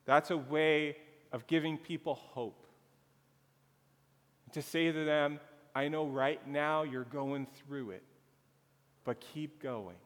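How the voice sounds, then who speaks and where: A man pastor preaching a sermon slowly and earnestly, drawing out his phrases. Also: fairly high pitch. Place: church sanctuary. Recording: long reverb of a church hall.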